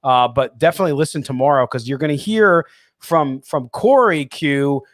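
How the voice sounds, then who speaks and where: A man's voice: mid-range voice, normal speed, dry recording, studio quality. Man, sports radio co-host, mid-range voice, chatty, fields listener questions. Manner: reads listener comments and answers them. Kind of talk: casual sports radio chat.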